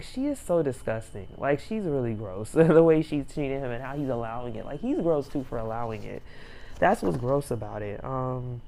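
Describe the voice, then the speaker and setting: A woman's voice: a bass voice, mellow, a little hiss or hum. A young woman reviewing a reality show in a rambling, casual way, laughing often and using many fillers.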